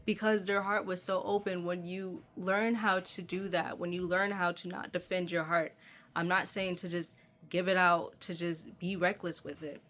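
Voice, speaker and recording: A woman's voice: lowish voice, level tone, normal speed, fairly bright tone. A woman giving a channeled tarot reading, speaking straight to the listener in an earnest, affectionate way. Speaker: tarot reader.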